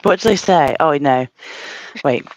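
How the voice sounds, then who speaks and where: A speaker with a Scottish accent chatting on a video call, animated and giggly and quick to laugh at themself. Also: medium pitch, low-quality recording. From Scotland. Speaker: co-host. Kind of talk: casual chat on a video call.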